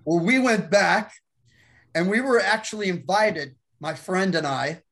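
A male pastor telling his testimony to an interviewer, animated and quick to laugh. His voice sits a little high for a man, and he acts out the people in the story as he goes. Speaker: pastor and guest.

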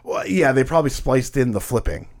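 A young man hosting a podcast in casual chat, swearing freely, laughing and trailing off quietly. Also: mid-range voice, lively intonation, fairly quick. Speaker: podcast host.

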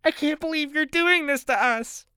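A man voicing a shrill, high-strung older woman who screeches in panic. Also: moderate pace, pushed and bright, no room sound, studio quality.

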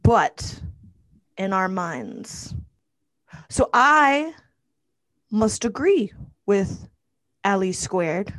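A woman on a casual comedic advice panel, speaking in a measured, mock-formal way. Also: medium pitch, no room sound.

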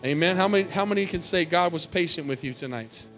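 A male pastor preaches to his church in a fairly high voice, building repeated phrases and checking in with the congregation. Soft music hums faintly under his sermon. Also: fast. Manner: preaching with call-and-response "Amen?" and repeated phrases.

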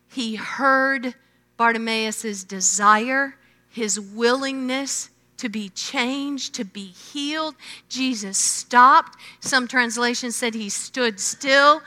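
A woman preaching a sermon, emphatic, swelling loud and then dropping to a hush. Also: fairly high pitch. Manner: emphatic, slow, with swelling and hushed phrases. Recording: long hall reverb.

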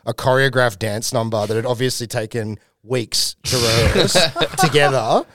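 A man's voice: mid-range voice, normal speed, slight background noise. A man with an Australian accent telling a comedy-scene story on a podcast, swearing freely and acting out what people said. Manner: profane, animated, acts out quotes. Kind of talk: casual storytelling chat.

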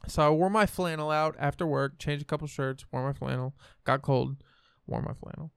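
A man's voice: on the high side, normal speed, gravelly, clean tone, no echo, studio quality. A young man from the American Midwest, hosting a podcast and telling a story in a rambling, profane, self-assured way. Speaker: podcast host. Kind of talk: casual storytelling chat.

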